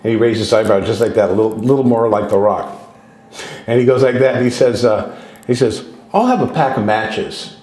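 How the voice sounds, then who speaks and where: Rambling storyteller man, lowish voice, roomy echo. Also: fairly even intonation, fairly quick, warm tone. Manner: loose and digressive, with frequent restarts and acted quotes. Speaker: guest speaker on contact experiences. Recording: roomy echoey sound.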